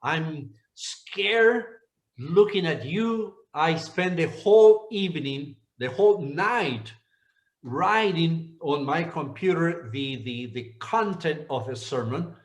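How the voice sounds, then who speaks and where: An older pastor from Argentina speaks to a congregation at a slow, deliberate pace, repeating key points as he teaches. His voice sits a little high for a man. The sound rings around a reverberant church hall. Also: lively intonation. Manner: unhurried, repetitive, teaching tone. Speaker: pastor and seminar presenter. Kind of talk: church seminar talk.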